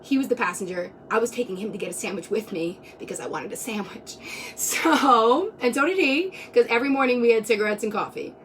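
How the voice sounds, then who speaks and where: A woman's voice: on the high side, lively intonation, brisk, a little hiss or hum. Twenty-something woman rambling thru a story on a live stream, lots of "like", kinda far from the phone mic. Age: 20s. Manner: rambling, many "like"s, laughs between lines. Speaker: vlogger.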